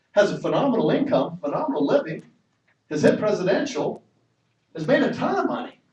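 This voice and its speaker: A man's voice: high voice, a little mellow. A middle-aged man giving an emphatic motivational sales talk to a room of people, telling stories with frequent restarts. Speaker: network marketing speaker. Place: meeting room. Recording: echoey hall from far off.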